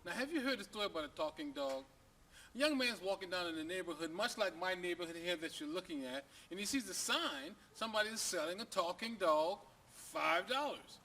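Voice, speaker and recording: Folksy high-voiced male storyteller. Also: animated, a little fast, pushed and bright, a little hiss or hum. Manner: folksy, conversational, asks the listener rhetorical questions. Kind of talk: joke storytelling to camera.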